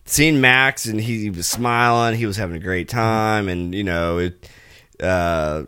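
A middle-aged man with a lowish voice, chatting on a podcast with his co-host. He speaks in a relaxed, halting way, full of fillers and restarts. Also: clean tone. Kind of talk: casual chat.

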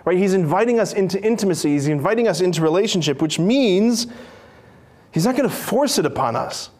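Guy preaching, high voice, playful and animated, does little character voices. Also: a little fast. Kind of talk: lively sermon with acted-out stories.

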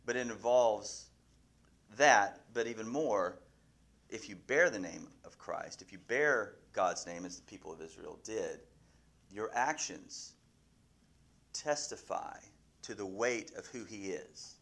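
A man's voice: on the low side, animated, slow, vocal fry, fairly bright tone. A man teaching a Bible class, asking his listeners questions and often restarting his sentences.

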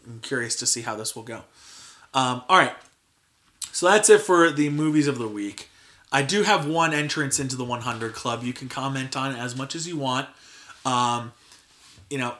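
Bright-voiced young man hosting a podcast. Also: mid-range voice. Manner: filler-heavy, frequent "like" and restarts. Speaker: podcast host. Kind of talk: casual chat.

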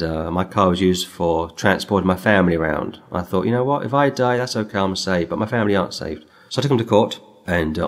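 A middle-aged man preaching a sermon, reading scripture and telling stories in an emphatic way. His voice climbs high when he reads the verses.

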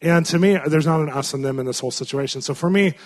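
A man's voice: on the high side, fast talker. A man preaching in an earnest, conversational way, telling a story to his congregation with many fillers and restarts. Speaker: pastor. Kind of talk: sermon storytelling.

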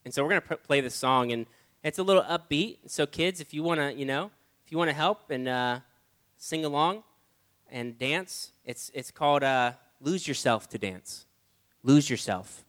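A man preaching a sermon, telling a personal story with animated, acted-out lines. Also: mid-range voice, moderate pace. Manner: animated, storytelling, acts out his own lines.

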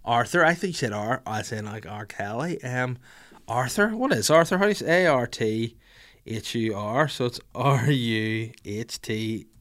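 A man's voice: medium pitch, lively intonation, normal speed, a bit bright. A middle-aged man chatting casually and playfully, laughing often and swearing as he answers viewer comments. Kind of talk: casual live chat.

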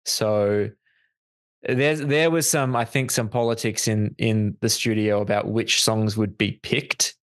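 A man guesting on a podcast, explaining things in a measured, thoughtful way. His voice sits on the low side. The recording is dry with no room sound. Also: fairly even intonation, no room sound. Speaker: podcast guest, music author. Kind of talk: casual podcast chat.

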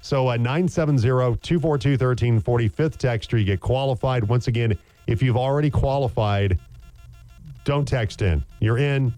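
A man's voice: mid-range voice, normal speed, dark tone, dry recording, faint music behind. A man hosting a sports radio show, chatting casually, repeating himself and laughing easily.

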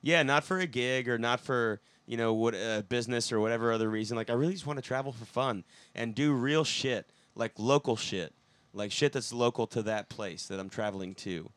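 A man's voice: medium pitch, fairly quick, hardly any pauses, fairly bright tone, dry recording. A man chatting casually, rambling and swearing freely while he tells stories. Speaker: band member, songwriter. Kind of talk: casual podcast chat.

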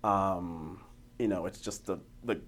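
A man in his forties, a guest in an interview, telling a story and acting out both sides of the dialogue in a lively way. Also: low voice, slow pace. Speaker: interview guest, former agent.

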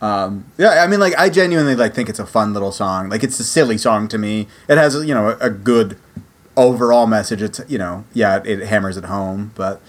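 A man co-hosting a casual podcast chat, animated and talkative with lots of fillers. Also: lowish voice, fairly quick. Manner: animated, chatty, full of fillers. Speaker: podcast co-host.

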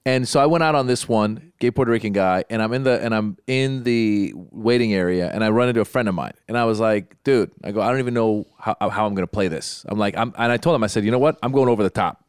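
A middle-aged man chatting casually, telling long stories. His voice is smooth and resonant. He often stops and restarts his sentences, and the sound is dry and close. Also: lowish voice, quick pace, few pauses, no echo. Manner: rambling storyteller, many restarts. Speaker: podcast co-host. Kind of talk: casual chat.

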